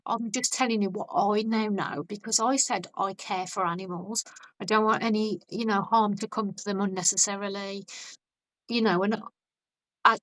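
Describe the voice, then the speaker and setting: Woman on a podcast, blunt and animated, lots of restarts, close dry sound. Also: medium pitch, no room sound, poor audio. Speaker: podcast guest, vegan activist. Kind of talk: casual podcast chat.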